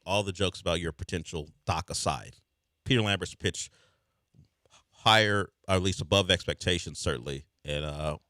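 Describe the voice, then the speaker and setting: A man's voice: sits low, moderate pace, bright, forceful tone, no room sound. Man, sports radio host, casual rambling talk, dry studio sound. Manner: conversational, rambling with restarts.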